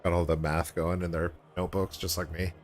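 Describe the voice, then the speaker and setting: A man's voice: low voice, little pitch movement, brisk. A man hosting a casual game livestream, chatting in a laid-back way and laughing often. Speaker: streamer.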